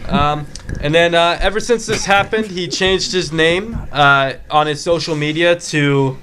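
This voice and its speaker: A man presenting news stories on a casual talk show, with a halting, hesitant delivery. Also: fairly high pitch, sharp tone, slight background noise. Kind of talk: casual podcast chat.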